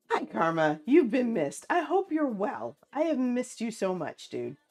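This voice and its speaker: Her voice is a little high with a darkish tone as she eats on a late-night stream, chatting casually with viewers, answering their messages and laughing often.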